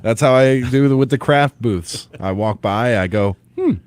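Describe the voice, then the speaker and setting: A man co-hosting a morning radio show, animated and joking, often laughing. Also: medium pitch, slight background noise. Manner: animated, quick to laugh, jokey. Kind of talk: casual morning radio banter. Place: radio studio.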